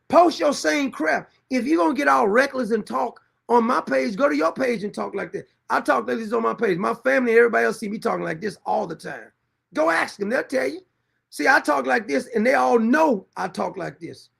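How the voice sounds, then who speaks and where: A man's voice: high-pitched, creaky, fairly bright tone, husky. A middle-aged man, hosting a livestream and bluntly scolding commenters in a confrontational, repetitive way. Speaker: show host.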